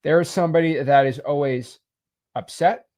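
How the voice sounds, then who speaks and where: A man's voice: on the high side, normal speed. Upbeat man explaining deals on a sketch pad. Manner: animated, salesy, with restarts. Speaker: real estate teacher. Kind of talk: casual whiteboard explainer.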